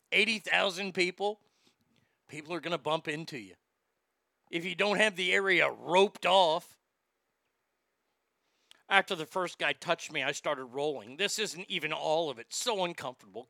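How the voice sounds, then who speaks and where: A man's voice: sits high, gravelly, sharp tone, no room sound, studio quality. A man hosting a talk show, ranting bluntly and sarcastically with plenty of profanity, and reading listener comments aloud. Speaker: radio talk show host.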